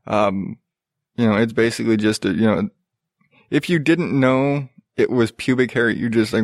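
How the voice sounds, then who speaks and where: A man's voice: medium pitch, unhurried, no echo. Profane ranting man, dry close sound. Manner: profane, exasperated, sarcastic. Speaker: podcast host. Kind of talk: ranting casual commentary.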